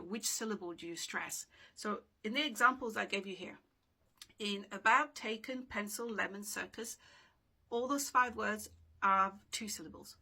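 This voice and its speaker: Bright, husky-voiced woman explaining pronunciation. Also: medium pitch. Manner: explains patiently, with frequent checks like "okay?" and "yeah?". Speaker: dictionary collector teaching pronunciation. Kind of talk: casual video lesson. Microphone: no microphone, voice drifts from the camera. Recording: room sound, voice sometimes far from the mic.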